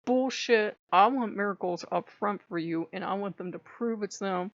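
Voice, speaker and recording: A woman's voice: medium pitch, moderate pace, no echo, dull audio, lightly acted. A woman voicing a blunt, stubborn, protective old Norse god who swears and speaks curtly. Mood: defiant.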